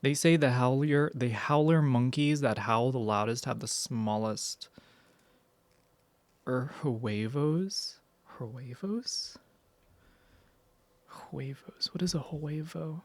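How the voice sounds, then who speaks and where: Male streamer, casual rambling chatter, dry close-mic sound, mid pitch. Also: slow pace, dry recording. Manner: rambling, many "like" fillers, reads chat aloud. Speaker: livestreamer.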